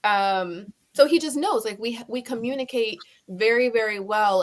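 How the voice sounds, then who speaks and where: Woman guest on an interview, lively and expressive, mid-pitch voice. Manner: animated, expressive, laughs easily. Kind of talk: interview conversation.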